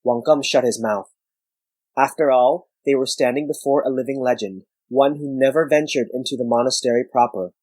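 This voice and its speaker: A man giving measured scripted narration of a story. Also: medium pitch, darkish tone, dry recording, low-quality recording.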